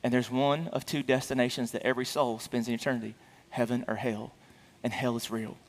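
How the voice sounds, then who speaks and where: A pastor preaches a sermon earnestly and a little fast, his tone level but rising in pitch and volume for emphasis. He restarts often and stammers repeats, and a long reverb tail trails his words.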